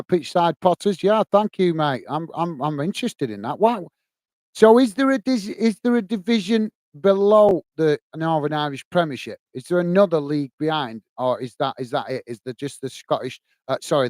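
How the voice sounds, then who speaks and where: A man's voice: on the high side, a little mellow, no room sound. A man hosting a casual livestream, chatting to viewers, calling them mate, and reading out their comments. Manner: reads out chat comments. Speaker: livestream host.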